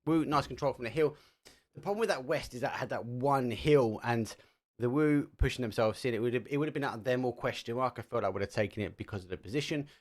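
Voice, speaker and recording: A man's voice: medium pitch, quick pace. A man with an Essex accent commentating a live esports match, chatty and joking between calls. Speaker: esports caster.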